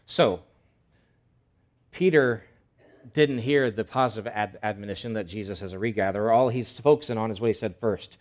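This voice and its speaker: Animated, conversational male preacher. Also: lowish voice, moderate pace. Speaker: pastor. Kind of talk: sermon.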